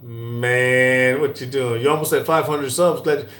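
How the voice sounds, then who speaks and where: A middle-aged man hosts a live-stream Q&A from an airport, reading viewer comments in a relaxed, chatty way and laughing often. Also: medium pitch, quick pace. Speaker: cooking channel host. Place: airport lounge. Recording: echoey airport with faint hum.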